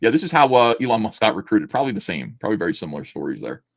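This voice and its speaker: A man's voice: on the low side, sing-song, very fast, vocal fry, dry recording. A man hosting a comic book review, chatting casually with sarcastic jokes and laughter, acting out the panels as he reads. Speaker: host reviewing comic books. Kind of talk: casual review chat, reading aloud.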